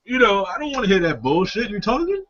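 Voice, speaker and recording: Animated high-voiced man ranting. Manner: animated, swearing, mimics others in quick asides. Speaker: podcast co-host. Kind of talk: profane comic rant. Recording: dull lo-fi audio.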